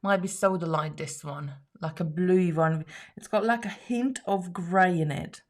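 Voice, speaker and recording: A woman with a slightly low voice chats casually on a live craft stream at her home table. She reads viewer comments aloud, laughs easily and often restarts her sentences mid-thought. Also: unhurried. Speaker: live stream host making jewellery.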